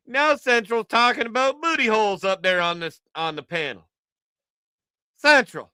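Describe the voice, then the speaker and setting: A man's voice: very high voice, a little slow, long pauses, pushed and bright, clear, resonant tone, no echo. A man hosting a livestream, giving casual, joking reaction commentary and repeating his phrases. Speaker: livestream host.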